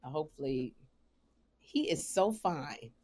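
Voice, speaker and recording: A woman hosting a live talk show, chatting in an animated, gushing way. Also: low-pitched, unhurried. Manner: animated, gushing, laughs and sings snatches. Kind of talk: lively live show chat.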